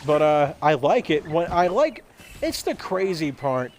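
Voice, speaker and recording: A man's voice: on the high side, big pitch swings, unhurried, a little mellow, a little hiss or hum. A young man rambling in a goofy comedic monologue while gaming, often repeating and stumbling over his words. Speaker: gaming streamer.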